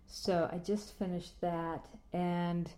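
A woman's voice: lowish voice, flat delivery, slow, warm tone, a little hiss or hum. A woman hosting a podcast from home, chatting casually, rambling with lots of fillers and restarts, and walking around the room as she talks. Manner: moves around the room while talking. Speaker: podcast host. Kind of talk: casual chat.

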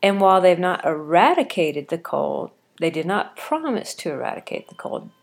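Chatty stuffed-up woman with a lowish voice. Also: sing-song, normal speed, vocal fry. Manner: chatty and rambling, with frequent restarts. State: stuffed up with a cold. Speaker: quilting podcaster. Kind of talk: casual audio diary. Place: home, sitting on a couch.

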